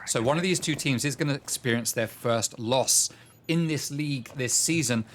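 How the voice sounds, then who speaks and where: A man giving solo play-by-play commentary on a competitive shooter match, getting excited at big plays. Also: normal speed, slight background noise. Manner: excitable, rising in pitch at big plays, chatty asides to chat. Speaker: esports caster. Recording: game gunfire and clicks behind. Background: game gunfire and clicks.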